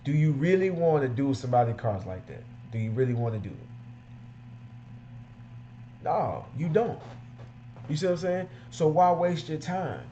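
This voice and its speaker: A man's voice: on the high side, sing-song, normal speed, long pauses, mellow, highs cut off, a little hiss or hum. A man who runs a mobile detailing business, giving emphatic, repetitive, street-casual advice.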